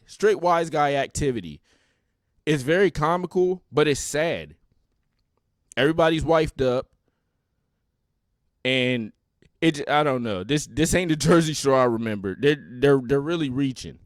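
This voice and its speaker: A man's voice: fairly high pitch, animated, a little slow, pauses often, dry recording, studio quality. A man hosting a podcast in casual, mocking comedic commentary with laughing asides. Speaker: podcast host.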